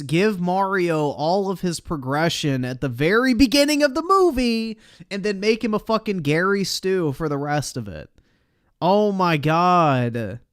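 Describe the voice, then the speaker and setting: A man's voice: high-pitched, dry recording, clean studio sound. Sarcastic, profane male streamer. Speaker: streamer reacting to a video. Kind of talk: casual live-stream reaction.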